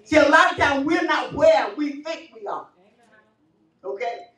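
A woman pastor delivering a fervent sermon, building up to shouts and often breaking into laughter. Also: high-pitched, animated, measured pace. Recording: echoey church audio from far off.

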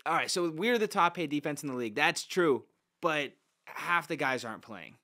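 A man hosting a sports talk show, calm and dry, steering the segments. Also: fairly high pitch, normal speed. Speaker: host.

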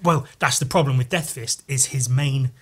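A man hosting a podcast, over-caffeinated and chatting casually while flipping through comics. He rambles and swears, with jumpy, excited talk. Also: normal speed, husky. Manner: wired, rambling and profane, jumping in pitch. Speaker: podcast host and comic artist.

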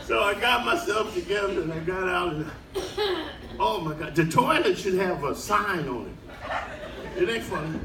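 An older man performing a stand-up comedy set on a cruise ship, telling stories in an animated way and shouting his punchlines. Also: moderate pace, background noise. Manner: animated storytelling, shouting punchlines, high-pitched put-on cries. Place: cruise ship show lounge with a live audience. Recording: roomy live audio from far off, loud crowd.

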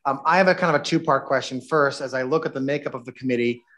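A man's voice: medium pitch, quick pace, fairly bright tone. A man on a school board thanks the presenter and asks two-part questions, polite with a touch of dry sarcasm. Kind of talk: asking questions at a board meeting.

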